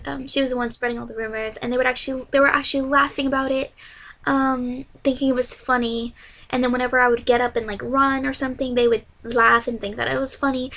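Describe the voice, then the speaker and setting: A woman's voice: high voice, a bit bright. A young adult woman telling a personal story to camera in a candid, earnest, casual way. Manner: candid and earnest, with frequent fillers. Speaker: vlogger.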